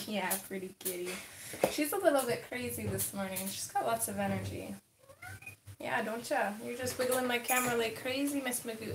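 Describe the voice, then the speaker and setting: A woman's voice: fairly high pitch, normal speed. A woman hosting a casual livestream, chatting to her viewers and talking to her cat. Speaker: livestream host. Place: home desk, indoors. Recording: echoey room with faint noise.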